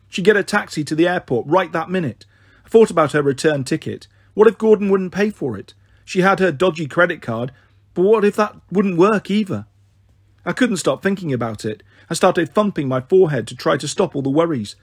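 Male storyteller reading a children's novel; steady and expressive, slightly raised pitch, husky edge. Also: fairly quick, no echo, studio quality. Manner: steady, expressive first-person narration. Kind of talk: children's book read aloud.

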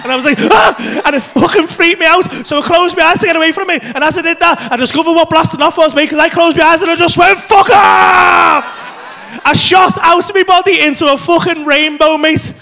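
A man doing an animated, sweary stand-up routine in a comedy club, with loud outbursts. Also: very high voice, quick pace, few pauses.

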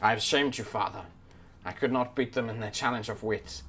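A man's voice: mid-range voice, normal speed, fairly bright tone, a little hiss or hum, pitched below the performer's own voice, lightly acted. Knick-Knack, a man doing a regal kobold prince. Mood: crestfallen. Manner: stiff, courtly speech. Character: regal, formal young male kobold prince.

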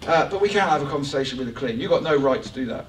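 A man preaching a lively, joking sermon to his church congregation. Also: medium pitch, very fast. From England. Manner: animated, joking, rising excitement. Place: church hall. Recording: echoey church hall from far off.

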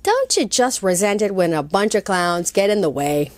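A woman's voice: medium pitch, lively intonation, normal speed, no room sound, pitched below the performer's own voice, close to an everyday voice. A woman reading as a fretful young boy.

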